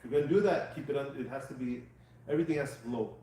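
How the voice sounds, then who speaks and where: A man's voice: medium pitch, rapid-fire, dark tone, slight background noise. A man teaching a live class, patiently checking that students follow. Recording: echoey room, mic far off.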